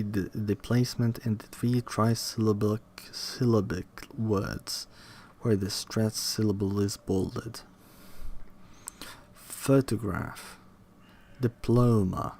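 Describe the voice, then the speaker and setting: A young man reading a linguistics textbook aloud in a slow, halting way, pausing to repeat words to himself. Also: fairly low pitch, flat delivery, a little mellow. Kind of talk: casual read-aloud study session.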